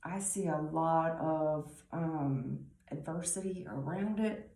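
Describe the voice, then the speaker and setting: Slow, musing woman tarot reader. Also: low voice, warm tone, echoey room. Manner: slow, musing, with many ums and restarts. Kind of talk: tarot reading to camera.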